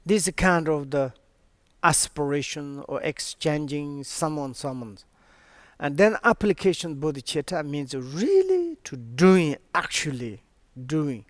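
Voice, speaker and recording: A man giving a Buddhist teaching in halting, non-native English full of restarts, earnest and explanatory. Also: a little high, dry recording. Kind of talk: Dharma teaching seminar.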